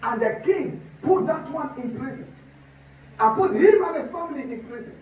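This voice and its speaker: Pastor guy preaching hard, shouty, really high voice, echoey church from far back. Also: animated, normal speed, a little hiss or hum. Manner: fervent, shouting, repeats rhetorical questions. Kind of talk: sermon. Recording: echoey hall from a distance.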